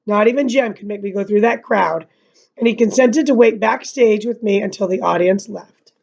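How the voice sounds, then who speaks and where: A woman's voice: mid-range voice, moderate pace, vocal fry, muffled recording. A young woman reading a novel aloud like a teacher, adding casual asides. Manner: casual asides between reading, slightly monotone narration. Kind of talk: read-aloud with commentary.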